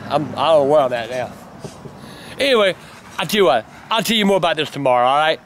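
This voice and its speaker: A man's voice: a little high, lively intonation, quick pace. An older man telling rambling stories full of cursing, snapping at his son whenever he interrupts. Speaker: grandfather telling family stories. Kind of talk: casual storytelling on camera.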